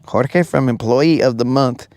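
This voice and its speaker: A man's voice: medium pitch, a little slow, darkish tone, no echo. A man hosting a live fishing stream from a boat outdoors, chatting casually and bantering jokingly with his viewers.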